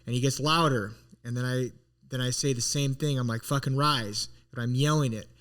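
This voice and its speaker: A man's voice: mid-range voice, fairly even intonation, brisk, fairly bright tone. Earnest rambling man telling a story. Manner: earnest, rambling retelling with frequent restarts. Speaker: podcast co-host. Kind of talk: casual storytelling chat.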